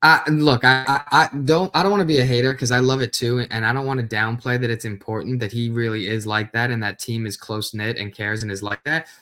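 A man's voice: mid-range voice, fairly even intonation, fast, hardly any pauses, sharp tone. A man co-hosting a sports podcast, thinking aloud casually, often restarting his sentences. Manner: hesitant, restarts often, thoughtful. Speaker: podcast co-host.

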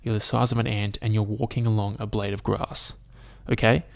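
A man's voice: fairly low pitch, flat delivery, fairly quick, vocal fry. A young man hosting a solo podcast, talking casually with lots of swearing and fillers. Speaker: podcast host. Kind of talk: solo podcast rant and storytelling.

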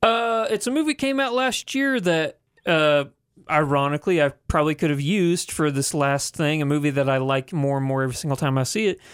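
A man's voice: on the high side, a little fast, clear, resonant tone, no room sound, studio quality. A young adult man co-hosting a casual movie podcast, easygoing and playful. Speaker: podcast co-host.

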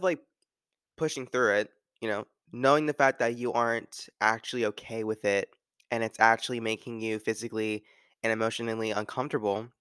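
Smooth-voiced man rambling casually. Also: medium pitch, a bit bright, no room sound, clean studio sound. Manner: rambling, filler-heavy with frequent "like". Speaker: podcast host. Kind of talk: casual solo talk.

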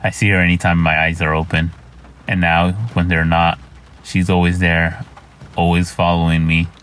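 A man's voice: low-pitched, monotone, moderate pace, a bit bright, smooth. A man voicing a haunted, bitter man who slides into terror, reading journal entries in a brooding, weary way. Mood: weary dread.

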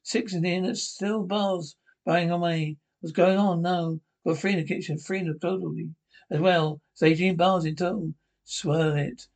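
A sweary Scottish pensioner. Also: male voice, sits high, steady tone, moderate pace. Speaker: sitcom character. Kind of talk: scripted TV sitcom dialogue.

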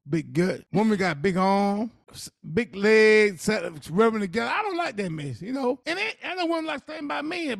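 Brash guy on a podcast, high gravelly voice jumping all over, laughs a lot, dry sound. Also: no room sound. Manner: loud, brash, laughing, swearing freely. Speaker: podcast co-host. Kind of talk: blunt casual podcast banter.

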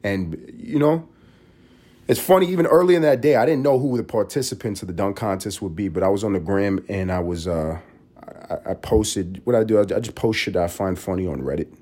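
A male podcast host with a fairly low, dark voice talks a little fast in a casual solo monologue. He rambles and riffs with restarts, swearing freely throughout.

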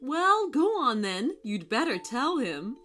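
Woman voicing a cheery time traveler for a storybook, high-pitched, unhurried. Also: sing-song, bright, forceful tone, faint music behind, exaggerated voice. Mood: kindly.

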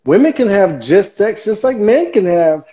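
A man's voice: sits high, expressive, normal speed, a crowd in the background. A man hosting a call-in show, pushing back on a caller in a conversational way. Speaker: host. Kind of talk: casual call-in debate. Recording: dull lo-fi sound.

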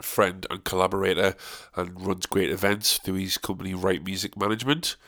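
This North East England podcast host talks in a deep, flat voice with a touch of brightness, keeping a moderate pace. He wanders from tangent to tangent, curses without restraint and keeps things loose and casual.

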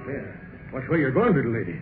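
An actor playing a gruff, fatherly city policeman in a 1930s radio drama, talking low and plain. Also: sing-song, fairly quick, very noisy, lightly acted. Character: gruff middle-aged city cop. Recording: tinny old radio broadcast with loud music.

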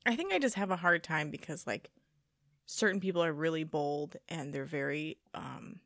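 A young woman co-hosting a casual chat podcast, chatty and teasing, quick to react to her friend. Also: low voice, expressive, fairly bright tone, no echo, studio quality. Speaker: podcast co-host.

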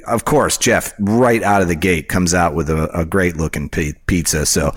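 Very deep-voiced, chatty man hosting a podcast. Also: fairly even intonation, normal speed, no room sound. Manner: rambling and chatty, with many asides. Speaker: podcast host. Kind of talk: casual podcast chat over drinks.

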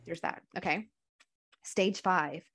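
A woman in her thirties hosting a podcast, telling personal stories in a frank, animated way full of fillers. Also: fairly low pitch, takes it slowly, slightly rough. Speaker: podcast host. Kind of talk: candid conversational podcast talk.

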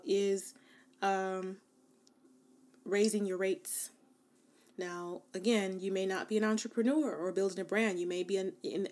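A young adult woman talking casually to her viewers, giving self-love advice in an animated, emphatic way, with lots of "like" and "you know.". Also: medium pitch. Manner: conversational, many fillers like "like" and "you know". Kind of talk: casual motivational talk to camera.

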